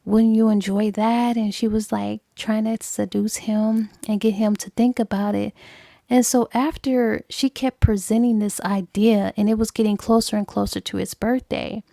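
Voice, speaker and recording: A woman's voice: medium pitch, steady tone, normal speed, creaky, warm tone, dry recording, clean studio sound. A woman casually retelling a novel's plot in a chatty, filler-heavy book review.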